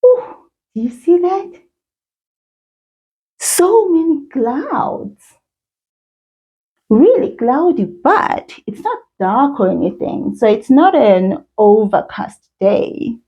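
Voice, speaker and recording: Lively, slow-talking South African woman teacher. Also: sits high, breathy edge. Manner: warm, encouraging, sing-song praise. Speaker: children's language teacher. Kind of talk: slow, patient kids' lesson with call-and-repeat. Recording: dull lo-fi sound.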